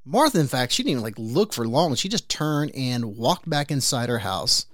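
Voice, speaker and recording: A man hosting his own podcast, telling a personal story in an animated way and then drawing an earnest, reflective lesson from it. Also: mid-range voice, moderate pace, no room sound, clean studio sound. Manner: animated storyteller who briefly acts out the neighbors' voices. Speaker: podcast host. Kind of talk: motivational storytelling monologue.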